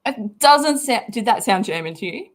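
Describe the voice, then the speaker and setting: A woman's voice: fairly high pitch, lively intonation, moderate pace, heavy background noise. A woman hosting a casual livestream, talking bluntly, swearing freely and laughing often. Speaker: livestream host.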